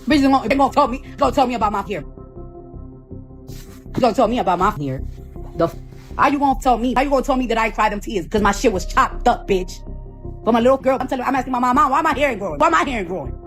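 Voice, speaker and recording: A woman's voice: a little high, lively intonation, fast, pauses often, faint music behind. A woman ranting off the cuff as the founder of a hair product, profane and confrontational, repeating phrases over and over. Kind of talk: heated off-the-cuff rant.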